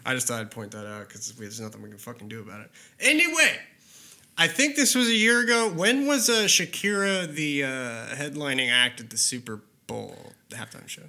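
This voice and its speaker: A man's voice: medium pitch, fairly quick, few pauses, bright, forceful tone. A man hosting a podcast, talking in a rambling, profane, casual way and laughing often. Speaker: podcast host.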